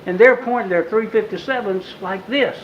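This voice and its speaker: A man speaking as an author at a bookstore talk, telling a story vividly to a live audience and acting out the shouted lines. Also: sits high, normal speed, roomy sound, highs cut off, slight background noise. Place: bookstore event room.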